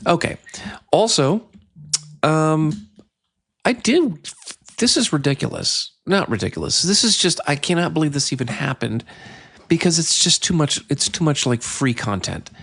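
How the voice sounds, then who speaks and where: A man hosting his own podcast, telling a story in a chatty, playful way that grows more excited. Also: fairly high pitch, normal speed, slightly rough. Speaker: podcast host. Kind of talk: casual solo podcast monologue.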